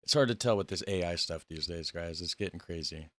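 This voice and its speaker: Low-voiced man chatting casually. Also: a little fast, a bit bright, no echo. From Indiana, USA. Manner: rambling, loose, with fillers and restarts. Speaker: reaction video host. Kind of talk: casual reaction commentary. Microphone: phone camera.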